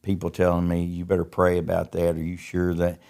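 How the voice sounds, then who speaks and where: A man's voice: deep voice, completely flat delivery, a little fast, gravelly, a little mellow. A middle-aged man, a podcast guest telling his life story in a folksy way and often repeating words. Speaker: podcast guest, recovery ministry founder. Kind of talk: casual testimony storytelling.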